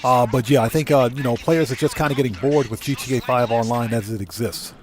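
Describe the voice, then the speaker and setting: Here a man speaks fairly quickly in a mid-range voice while streaming GTA live. He's a content creator who chats casually with viewers, reads their messages and meanders through his commentary with plenty of fillers and corrections to himself.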